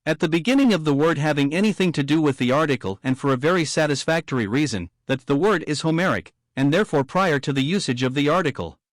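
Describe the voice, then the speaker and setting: Guy reading an old theology book aloud, kinda high voice, calm and formal. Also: dry recording, studio quality. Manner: steady, measured, formal delivery. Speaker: audiobook reader.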